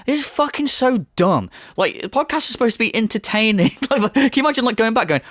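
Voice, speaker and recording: A sarcastic man rants through a mocking commentary, swearing freely. His pitch sits a touch high and swings widely as he scoffs. The sound is close and dry. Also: lively intonation, fast talker, hardly any pauses, dry recording. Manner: sarcastic, swears heavily, mocks in put-on voices. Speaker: commentary video host.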